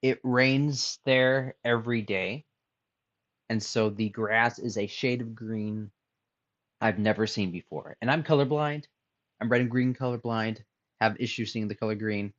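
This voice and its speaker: A man chatting casually on a drawing stream, musing aloud softly as he sketches. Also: medium pitch, measured pace, dry recording, highs cut off. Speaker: streamer and artist. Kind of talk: casual chat while drawing.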